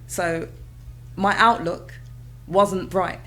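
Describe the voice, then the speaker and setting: A woman in her thirties, an interview guest telling her own story in a candid, conversational way, breaking into high excited exclamations as she recalls moments. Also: extremely slow, faint music behind, rough recording. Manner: animated, bursts into high excited exclamations and laughter when retelling moments.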